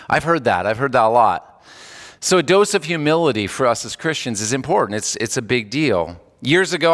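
A man's voice: mid-range voice, fairly bright tone, long reverb tail. A man in his thirties preaching a sermon as a pastor, talking conversationally with restarts and chuckles. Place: church sanctuary.

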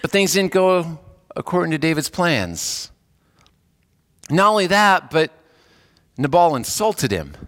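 A man's voice: big pitch swings, a little slow, long pauses, a bit bright, in a large hall. A man, a hospice chaplain, giving a casual, conversational sermon and acting out the people he quotes. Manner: conversational, acts out quoted voices with jumps in pitch.

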